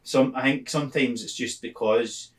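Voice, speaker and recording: A Scottish man hosting a podcast, chatting casually and reflecting on stand-up, quick to laugh. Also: medium pitch, steady tone, echoey room, distant mic. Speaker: podcast host.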